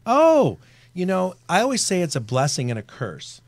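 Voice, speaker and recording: A man telling stories as a guest on a talk show, speaking in a practiced, low radio-announcer manner. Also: huge pitch swings, normal speed, no room sound. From Virginia, USA. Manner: talkative storyteller with a trained announcer's voice. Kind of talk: casual interview chat.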